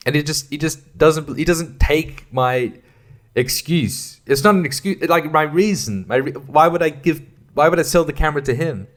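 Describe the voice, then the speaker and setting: A man's voice: fairly high pitch, animated, normal speed. A man hosting a podcast, rambling casually with profane, exasperated rants. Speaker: podcast host.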